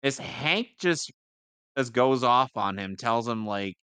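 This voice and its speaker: Bright crisp-voiced podcast co-host. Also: male voice, mid-range voice, animated, slow pace, no echo. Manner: chatty, explains at length, agrees with lots of yeah. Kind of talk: casual reaction commentary.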